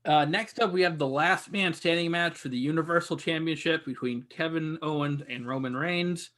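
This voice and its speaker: A man's voice: a little high, moderate pace, fairly bright tone. A man co-hosting a podcast, steadily recapping an event in a list-like way with filler uhs. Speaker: podcast co-host.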